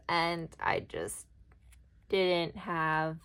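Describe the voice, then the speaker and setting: A woman talks her way through an oracle card spread, rambling and thinking aloud. Her voice has a gravelly, creaky edge. The chat is loose and casual. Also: on the low side, steady tone, a little slow, fairly bright tone. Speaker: tarot and oracle card reader. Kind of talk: casual card-reading vlog.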